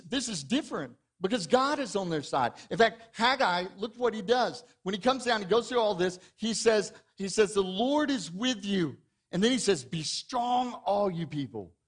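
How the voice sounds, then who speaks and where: A man preaches to his congregation in a church sanctuary. His voice sits a touch high for a man. He keeps it conversational and keeps firing questions at the people in the pews. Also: fairly bright tone. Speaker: pastor. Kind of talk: sermon.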